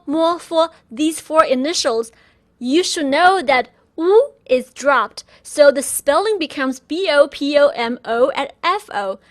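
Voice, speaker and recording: Woman slowly drilling pronunciation, high voice, patient repeat-after-me teacher. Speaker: Mandarin pinyin teacher. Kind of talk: pronunciation lesson.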